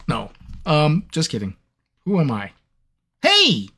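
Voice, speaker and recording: A man's voice: a little high, wildly swooping pitch, slow pace, sharp tone, husky. A man, a voice actor, chatting casually with fans on a live Q&A, rambling and joking about his own scattered mind. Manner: rambling, scattered and self-mocking. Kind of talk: casual livestream chat. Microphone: seated at a microphone.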